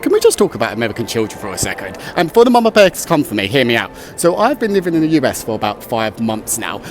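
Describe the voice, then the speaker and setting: A man's voice: mid-range voice, quick pace, background noise. A British man living abroad, telling stories about kids in a casual vlog to camera. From United Kingdom. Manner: animated storytelling with voiced quotes. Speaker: expat content creator.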